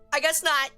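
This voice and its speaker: Woman streamer, casual and chaotic, crude jokes, bright and tense tone, faint music underneath. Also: high voice. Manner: chaotic, crude joking with chat. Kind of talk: casual live-stream chat.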